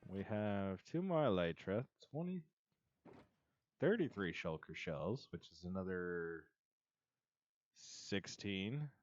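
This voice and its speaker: A man's voice: sits low, expressive, slow pace, pauses often, a little mellow, no room sound, muffled recording. A man streaming a block-building game, rambling in a self-amused way and chatting to the creatures he meets. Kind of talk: casual gameplay commentary.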